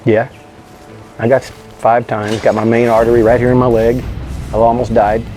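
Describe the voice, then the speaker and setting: A man telling a story as an interview guest, animated and slangy, swearing freely. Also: medium pitch, normal speed, soft background music. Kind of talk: casual storytelling.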